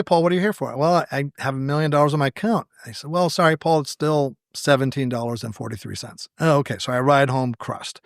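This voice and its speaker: A fairly high-voiced man spins a story as a podcast guest, acting out each quoted line with a wry, self-deprecating humor. His voice is recorded close and dry, with no room sound around it. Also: dry recording. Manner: animated storyteller who acts out quoted dialogue. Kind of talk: anecdotal storytelling in conversation.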